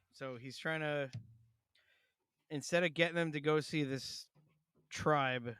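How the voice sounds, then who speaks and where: A man's voice: medium pitch, sharp tone, smooth, dry recording, clean studio sound. A man co-hosting a podcast in casual chat, retelling a film's scenes with lots of swearing and laughter. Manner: swears freely, laughs often, mocks movie lines. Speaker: podcast co-host.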